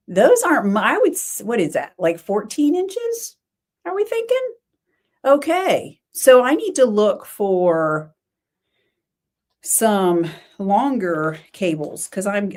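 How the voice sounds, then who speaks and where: A middle-aged woman hosting a knitting podcast, chatting casually and thinking aloud with quick exclamations. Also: mid-range voice, darkish tone. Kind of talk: casual livestream chat.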